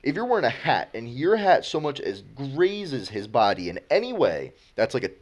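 A man's voice: medium pitch, moderate pace. A young man in casual chat, telling sports stories with lots of acted-out quotes and fillers. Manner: animated storyteller, acts out quotes.

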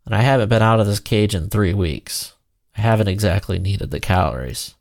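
Brief: man doing a tired caged lion for a storybook, gravelly, blunt, dry sound. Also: lowish voice, brisk, dry recording, natural voice. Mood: weary. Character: weary caged male lion, sad and proud.

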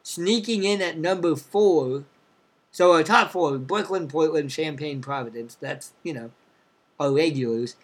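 Young male podcast co-host, a touch higher-pitched, upbeat and chatty, shout-out energy. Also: measured pace. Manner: upbeat, reads out listener cities with shout-outs. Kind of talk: casual chat.

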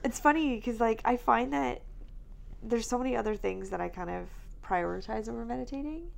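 Chatty tired woman, gravelly. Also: fairly high pitch, a little fast. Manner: chatty, lots of "like" fillers, animated quoting. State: tired, yawning. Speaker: podcast co-host. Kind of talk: casual chat.

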